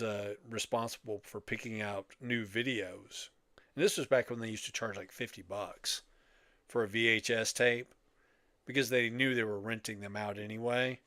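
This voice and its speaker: A man's voice: medium pitch, a bit bright, clean tone, no room sound. Older man, podcast co-host, casual rambling chat, wry, dry close mic. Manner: rambling storyteller, wry, laughs often.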